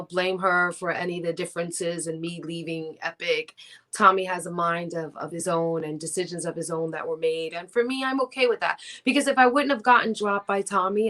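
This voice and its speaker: A middle-aged woman, a guest singer, chatting in an interview over a video call and telling stories with animated, acted-out quotes. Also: on the low side. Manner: animated, acts out quoted voices with big jumps. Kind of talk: casual interview storytelling.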